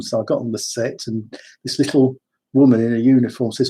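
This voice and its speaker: A man tells rambling personal stories with wry asides. His voice is mellow and soft-edged, a little husky. He speaks at a middling pitch. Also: fairly even intonation, brisk. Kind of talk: casual personal storytelling.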